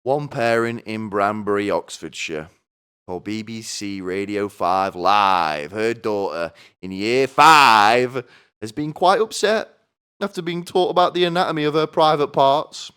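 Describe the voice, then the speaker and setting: A man's voice: fairly low pitch, a little slow, a bit bright, clear, resonant tone. A man hosting a comedy podcast, ranting in a crude, sardonic way, swearing a lot and asking "right?" over and over. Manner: asks the listener "right?" again and again. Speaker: podcast host. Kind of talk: comedic rant.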